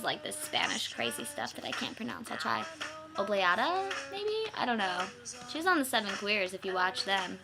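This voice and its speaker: A young woman rambles through a casual vlog, incredulous and swearing freely. Her voice sits a little high, and clear music plays underneath her talk. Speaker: vlogger.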